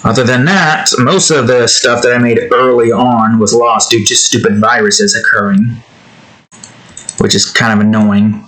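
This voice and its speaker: A man chatting casually while he draws, rambling through off-topic asides and swinging into animated mock rants. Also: medium pitch, measured pace, low-quality recording. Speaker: art vlogger. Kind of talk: casual chat while drawing.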